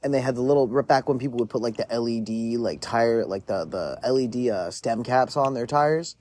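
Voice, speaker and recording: A man's voice: mid-range voice, a little fast, darkish tone. A man telling a story in a casual monologue, rambling with lots of "like" fillers and frequent swearing. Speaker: podcast storyteller.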